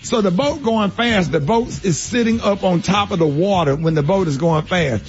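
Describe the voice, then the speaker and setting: A man's voice: high-pitched, moderate pace. A man hosting a radio morning show, telling rambling stories while laughing at his own jokes. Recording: muffled radio broadcast with music bed.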